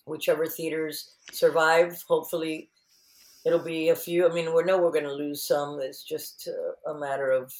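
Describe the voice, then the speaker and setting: A woman's voice: low voice, normal speed, roomy sound. A woman guest in an interview, chatting casually and acting out quotes as she tells stories. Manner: animated storyteller, acts out quotes.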